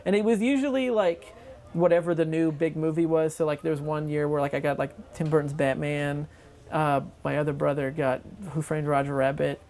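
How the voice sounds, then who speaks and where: An interviewee telling a long anecdote for a documentary in an excitable, rambling way, full of fillers. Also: medium pitch, moderate pace.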